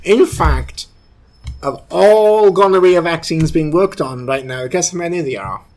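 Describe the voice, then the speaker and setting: A man with a fairly high voice co-hosts a casual chat podcast. He talks in a loose, joking way and laughs easily. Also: expressive, a little slow, a little mellow. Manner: jokey, chatty, laughs often. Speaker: podcast co-host.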